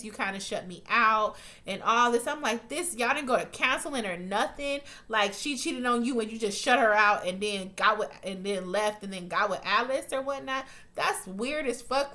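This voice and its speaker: A woman's voice: medium pitch, bright, forceful tone. A woman giving a casual, profane recap of a TV episode, talking bluntly and acting out the characters' lines. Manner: profane, blunt, chatty, acts out quotes. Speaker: TV recap vlogger.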